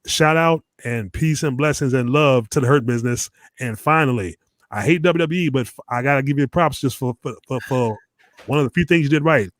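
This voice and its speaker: A man's voice: medium pitch, a little fast, no echo. A man hosting a casual wrestling podcast, blunt and profane, often repeating words as he goes. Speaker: podcast host. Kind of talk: casual chat.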